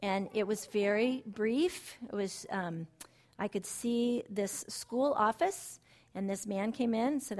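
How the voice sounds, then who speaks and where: This middle-aged woman teaches Bible study in a chatty style, speaking at a moderate pace. As she shares personal anecdotes, her delivery moves from quiet and low to lively and emphatic.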